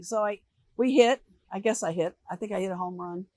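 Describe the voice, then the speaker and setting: An older American woman answering interview questions, telling animated stories and acting out the voices of people she quotes. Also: mid-range voice, brisk, dry recording. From United States. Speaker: interview guest. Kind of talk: relaxed storytelling interview.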